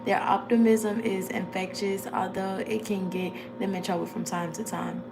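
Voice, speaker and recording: A woman's voice: medium pitch, level tone, normal speed, music in the background. A young woman with a Southern US accent, chatting casually as she reads a text aloud, giggling often and tripping over her words. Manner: giggly, stumbles over words while reading. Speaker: vlogger. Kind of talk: casual chat, reading aloud.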